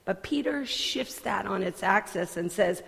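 A woman pastor delivering a sermon in a church sanctuary, earnest and deliberate, with conversational asides. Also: mid-range voice, expressive, gravelly, a bit bright. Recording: long hall reverb.

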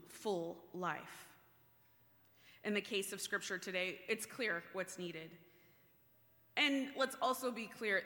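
Woman preaching in a reverberant hall. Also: medium pitch. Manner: animated, playful asides, shifting to hushed and earnest. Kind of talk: sermon.

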